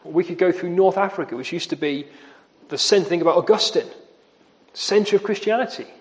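Male preacher, high-pitched, emphatic sermon delivery, long church reverb. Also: normal speed. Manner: earnest, emphatic, repeats key phrases.

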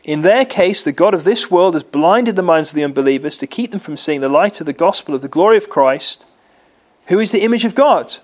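A man's voice: lively intonation, brisk, highs cut off. A man preaching a sermon in an earnest way, with dramatic rises and drops in his voice. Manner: earnest, with dramatic swings in pitch and volume.

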